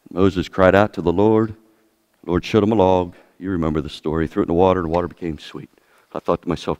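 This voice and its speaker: A man's voice: low-pitched, a little fast, a little mellow, long reverb tail. A man preaching a sermon as pastor, questioning his congregation often. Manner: asks the congregation many questions.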